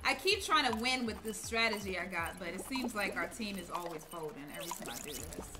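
A young woman hosting a gaming livestream, chatting casually, thanking viewers and reacting loudly with some cursing. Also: mid-range voice, animated, fairly quick, crowd noise. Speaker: livestreaming gamer, host. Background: game music.

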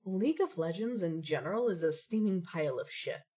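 A woman's voice: on the low side, lively intonation, fairly quick, dark tone, husky. A woman playing an aloof, witty young woman gamer who talks in dry, elaborate phrases. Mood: dismissive. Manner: arch, dry, elaborate wordplay.

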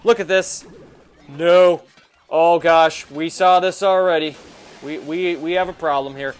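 A young man giving excitable, hyper commentary over a mobile game he is playing, often jumping into loud shouts. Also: a little high, clean tone. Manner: excitable and hyper, quick swings into yelling. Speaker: mobile game video host. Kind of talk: live gameplay commentary.

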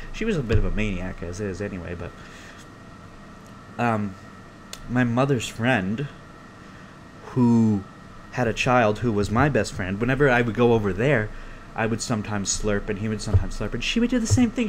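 A young man hosting his own podcast alone, rambling through stories in a casual, profane, animated way. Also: medium pitch, slight background noise. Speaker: podcast host. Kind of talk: casual solo podcast rant. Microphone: close podcast mic.

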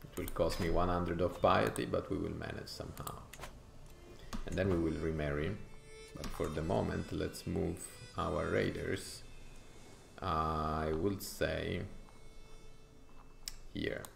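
A man's voice: sits low, fairly even intonation, slow, vocal fry, roomy sound, faint music behind. A man from Italy with an Italian accent, thinking aloud with frequent fillers as he comments on his strategy game playthrough. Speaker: gaming YouTuber.

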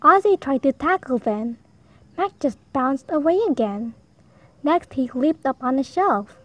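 A woman reads a rhyming picture book aloud for small children. Her voice sits high, and she takes her time over each line. The rhymes come out in a gentle, sing-song read-aloud manner. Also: lively intonation, measured pace, no room sound. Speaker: storybook reader. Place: home.

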